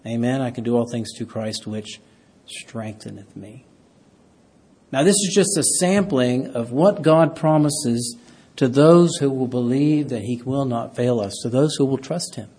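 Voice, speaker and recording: A pastor preaching a sermon, reading scripture aloud and rising loud on key words. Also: male voice, medium pitch, a little slow, slightly rough.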